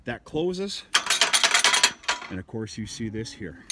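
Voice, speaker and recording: Folksy farmer with a noisy outdoor mic. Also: male voice, fairly low pitch, sing-song, slow pace. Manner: folksy, rambling, with frequent restarts and mild cursing. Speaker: cattle farmer. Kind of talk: casual farm vlog. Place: outdoors in a farm feedlot.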